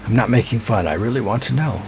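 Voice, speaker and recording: A cold, sullen young man from a game speaks in short, flat lines, as read by a man in his own low voice. The mic sounds muffled and lo-fi. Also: fast talker, noisy background, close to an everyday voice. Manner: flat, terse.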